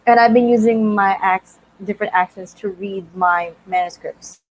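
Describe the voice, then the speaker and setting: A woman's voice: medium pitch, steady tone, normal speed, slight background noise, rough recording. A woman in her thirties hosting a casual writing livestream, bubbly and greeting viewers by name. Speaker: livestream host.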